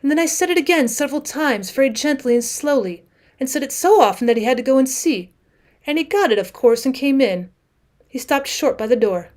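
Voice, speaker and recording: A woman with a rather high voice reads a classic story aloud as an audiobook. She reads dramatically, dropping to a hush and then rising again. She reads like a teacher sharing a text with her class. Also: animated, a little fast. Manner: dramatic, with wide swings between hushed and raised passages.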